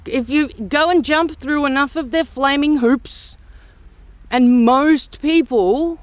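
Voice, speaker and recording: A woman's voice: sits high, takes it slowly, no room sound. An Australian woman venting in a blunt, sarcastic rant for her vlog, swearing heavily and mocking the views she disagrees with. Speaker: vlogger. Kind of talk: ranting monologue vlog.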